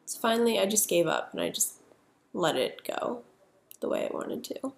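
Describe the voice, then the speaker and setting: A middle-aged woman telling a personal story in a halting, reflective way. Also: mid-range voice, animated, vocal fry. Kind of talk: personal narrative. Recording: echoey room with faint ambient noise.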